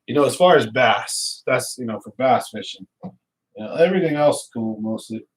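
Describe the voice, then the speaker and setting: A man's voice: mid-range voice, expressive, normal speed, husky, poor audio. A man, hosting a fishing channel and rambling casually to his viewers with lots of fillers. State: hiccups.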